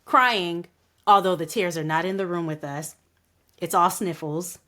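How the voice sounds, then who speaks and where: A woman's voice: on the low side, unhurried, fairly bright tone. A woman co-hosting a podcast, recapping episodes in a candid, opinionated, casual chat and laughing often. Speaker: podcast co-host.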